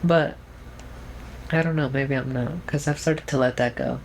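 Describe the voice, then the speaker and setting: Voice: mid-range voice, fairly even intonation, normal speed, a little hiss or hum, poor audio. A young adult vlogger speaking in a trained feminine voice, giving a casual, rambling update at home with lots of fillers and restarts. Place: at home, alone with camera.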